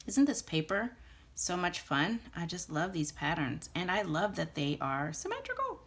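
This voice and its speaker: A woman's voice: fairly low pitch, very animated, moderate pace, a bit bright. A young woman chatting her way through a card-making tutorial, gushing about papers and colors and thinking aloud as she works at her craft table.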